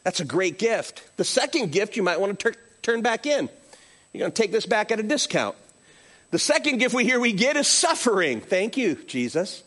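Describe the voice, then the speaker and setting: A man's voice: high-pitched, normal speed. A middle-aged male pastor preaching a sermon, telling stories with acted-out quotes. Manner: animated storytelling with acted-out quotes.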